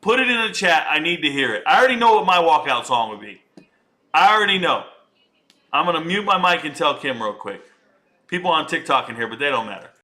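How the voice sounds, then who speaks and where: Bright, joking man streamer chatting live. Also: fairly high pitch, expressive, fairly quick. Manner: joking, chatty, talks to viewers. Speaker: streamer reacting to a fight. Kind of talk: casual live reaction chat.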